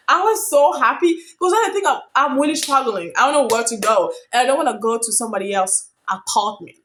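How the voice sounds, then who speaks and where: Chatty excitable young woman, slightly high voice. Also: brisk, few pauses, slight background noise. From Africa. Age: young adult. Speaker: vlogger. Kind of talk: casual storytime vlog.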